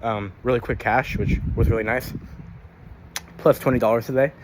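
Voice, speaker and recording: A man's voice: medium pitch, fairly even intonation, moderate pace, slight background noise. A young man vlogging casually about his day, rambling and swearing, tired and a little out of breath while walking. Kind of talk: casual daily vlog.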